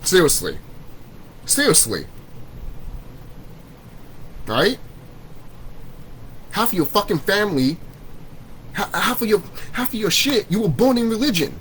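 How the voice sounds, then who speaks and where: A man's voice: high voice, big pitch swings, measured pace, long pauses, fairly bright tone, slight background noise, low-quality recording. A man in a vlog, ranting to his viewers, heated and repetitive, swearing often. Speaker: vlogger. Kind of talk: profane spiritual rant to camera.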